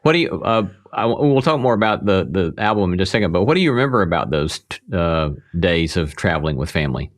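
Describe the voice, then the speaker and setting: A man's voice: deep voice, big pitch swings, fast, hardly any pauses. A man hosting an interview show, speaking in a thoughtful, professorial way as he introduces and questions his guest. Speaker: podcast host.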